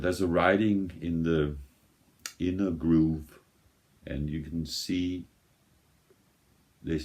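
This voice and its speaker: A man casually chatting while unboxing a vinyl record, rambling and correcting himself in a slow drawl, a little high. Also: darkish tone. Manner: rambling, stop-start, self-correcting. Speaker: music reaction vlogger.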